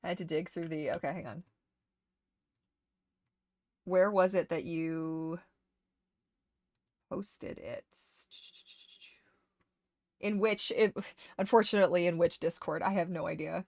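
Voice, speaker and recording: Woman streamer thinking out aloud while she plays, chatty and animated, dry close mic. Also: on the low side, slow pace, pauses often, no room sound. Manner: chatty, talks to herself while sorting items; emotional and animated when excited. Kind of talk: casual gameplay chat.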